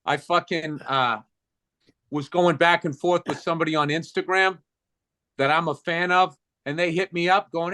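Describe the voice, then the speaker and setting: Bright, high-voiced man swearing through stories. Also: moderate pace, clean tone. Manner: profane, animated storytelling. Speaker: podcast co-host. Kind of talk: casual comedic chat.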